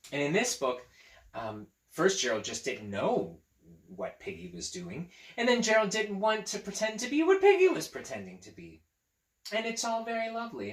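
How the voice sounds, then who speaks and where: A man, a teacher, reading a picture book aloud to children and chatting gently with them about it. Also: fairly high pitch, roomy sound. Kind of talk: children's story read-aloud.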